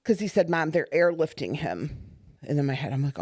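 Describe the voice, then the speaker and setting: Middle-aged mother telling a story, animated. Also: deep voice, fairly quick, dry recording, studio quality. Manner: animated, acts out quoted dialogue, repeats herself. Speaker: guest, mother of the host. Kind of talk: emotional personal storytelling.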